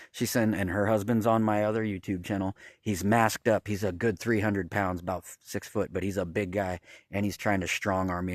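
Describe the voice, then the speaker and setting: A man's voice: lowish voice, fairly even intonation, moderate pace, no room sound, studio quality. A man filming a rambling, agitated vlog outdoors at a campground, swearing often and pointing things out to his viewers. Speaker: vlogger.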